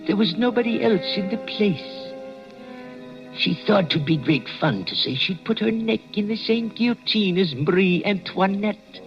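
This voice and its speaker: An actor playing a nervous old male wax museum watchman, telling tales in a halting, hesitant way, in 1940s radio acting on a dull old broadcast. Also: sits high, full character voice. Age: older.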